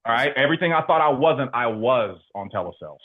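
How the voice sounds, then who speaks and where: Slangy, animated man on a tinny line. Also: mid-range voice, fast. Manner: animated and slangy, full of filler words. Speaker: insurance agency leader and guest. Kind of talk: casual interview talk.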